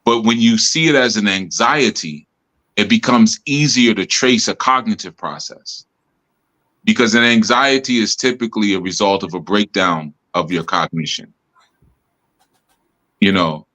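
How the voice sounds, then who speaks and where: A man with a low, deep bass voice that carries a bright, forceful edge. He talks in a relaxed, reflective way, working through ideas aloud with frequent "you know" asides. He sounds like someone speaking on a live stream. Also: unhurried. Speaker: spiritual teacher and host. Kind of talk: casual teaching talk. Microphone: live stream mic.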